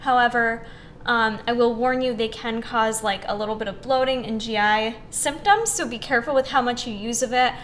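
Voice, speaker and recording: A woman's voice: fairly high pitch, normal speed, a bit bright, slight background noise. A young woman hosting a casual recipe demonstration, chatty and upbeat, with lots of "um" and "like". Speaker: fitness recipe host.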